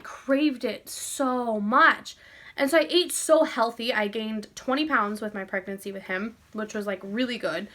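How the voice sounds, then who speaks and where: A woman's voice: on the high side, fairly bright tone. A young woman vlogging casually to camera, chatty and out of breath, sighing now and then and saying "like" a lot.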